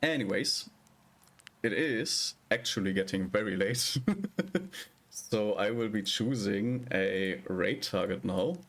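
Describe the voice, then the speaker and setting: A male streamer talks slowly and casually with his viewers, his lowish voice full of gravelly fry. He rambles and hesitates as he picks his words. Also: fairly bright tone. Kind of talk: casual live-stream chat.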